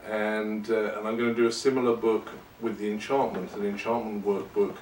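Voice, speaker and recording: A man's voice: fairly low pitch, little pitch movement, normal speed, hardly any pauses, darkish tone, slight background noise. A man hosting a podcast, talking in a rambling, casual, self-deprecating way. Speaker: podcast host. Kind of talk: casual monologue. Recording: roomy and distant from the mic.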